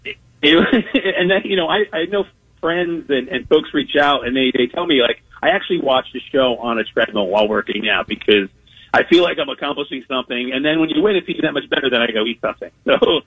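A man's voice: medium pitch, animated, brisk, breathy edge, dry recording. A man, a guest on a radio show, telling stories in a loose, chatty way with lots of laughs and fillers. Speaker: guest, TV food challenge host. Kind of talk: casual radio interview. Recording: dull lo-fi phone-in sound.

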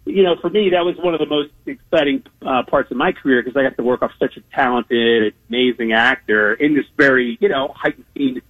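A man's voice: medium pitch, fairly quick, hardly any pauses, dry recording. A man, a guest on a radio show, telling stories in a loose, chatty way with lots of laughs and fillers. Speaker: guest, TV food challenge host. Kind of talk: casual radio interview. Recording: dull lo-fi phone-in sound.

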